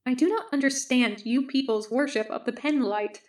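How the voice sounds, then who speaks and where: A woman reading the lines of a calm, stern male army medic who speaks formally, without contractions. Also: sits high, moderate pace, close to an everyday voice.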